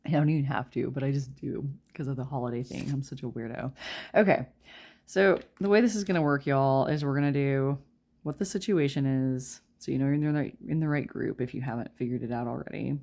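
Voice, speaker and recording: A young woman talks through a tarot reading in a relaxed, chatty way and laughs often as she addresses her viewers. Her voice sits low in pitch and has a gravelly fry running through it. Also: a little fast. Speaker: tarot reader. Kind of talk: casual pick-a-card tarot reading.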